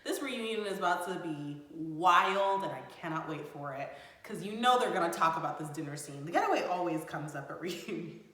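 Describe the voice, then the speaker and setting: Female recap host, expressive delivery, bare echoing room. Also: lowish voice, fairly quick. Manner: animated, exasperated commentary with laughs. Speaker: reality show recap host. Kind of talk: casual reality TV recap. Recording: very echoey room.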